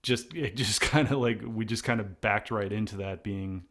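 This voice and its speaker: A man's voice: lowish voice, normal speed, a bit bright. A middle-aged man, singer in a band, talking casually in an interview, rambling with many restarts and fillers. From United States. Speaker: singer of a post-hardcore band.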